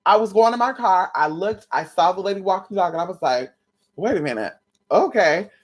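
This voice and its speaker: Animated and quick, a medium-pitched woman talks casually to her viewers in a late-night home vlog. She's playful, sassy and blunt, calling them honey and sis.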